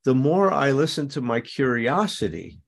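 A man's voice: medium pitch, moderate pace, vocal fry. A man hosting a conversation about recovery, talking emphatically and acting out angry lines as examples. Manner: animated, emphatic, acts out angry quotes. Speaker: host.

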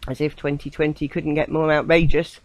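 A woman's voice: low-pitched, flat delivery, a little fast, dry recording, poor audio. An English woman hosting a spiritual radio show, talking in a casual, meandering way with many fillers and a ready laugh. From England. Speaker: host. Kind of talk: casual rambling radio monologue.

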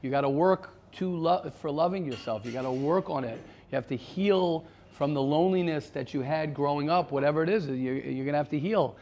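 A man's voice: fairly high pitch, a little fast, a little mellow, slight background noise. A man leads an informal Torah class. He speaks earnestly and emphatically, driving his points home by saying them again and again. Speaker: rabbi teaching a class.

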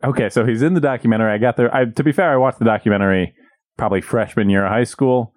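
A man's voice: mid-range voice, fast, no room sound. A man co-hosting a casual podcast chat, making dry, joking asides. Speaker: podcast co-host.

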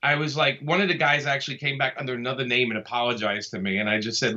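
Easygoing new guy chatting in an interview, bright forceful voice, kinda muffled audio. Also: medium pitch, steady tone, quick pace. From Brooklyn, New York. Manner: easygoing, chatty, laughs while talking. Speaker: comic artist guest. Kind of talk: casual interview conversation.

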